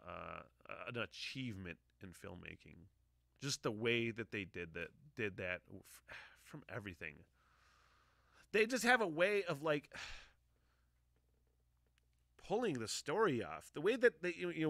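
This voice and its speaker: Podcast host, man in his 40s, bright dry voice, profane emotional rambler. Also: medium pitch, big pitch swings, normal speed, no echo. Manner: profane, emotional, sighing often. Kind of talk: casual rambling monologue.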